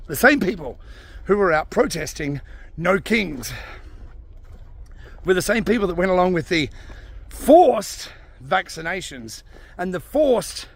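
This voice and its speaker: A man's voice: high-pitched, very animated, takes it slowly, long pauses. A man ranting in a vlog, angry and swearing, with frequent sighs. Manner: angry, sighing, swearing rant. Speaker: vlogger. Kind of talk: ranting commentary.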